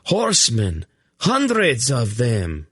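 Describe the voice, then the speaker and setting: A man's voice: medium pitch, takes it slowly, slightly rough, no echo, voice pushed up, heavily acted. A man putting on a formal-spoken male warrior, raising his voice in alarm. Audiobook reading, close and dry. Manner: excited, formal.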